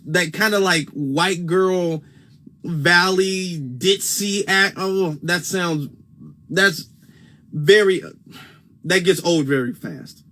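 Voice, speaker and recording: A man's voice: a little high, pushed and bright. Emphatic Midwestern man on a livestream. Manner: emphatic, repeats points for stress. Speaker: livestream host. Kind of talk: casual livestream commentary. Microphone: phone.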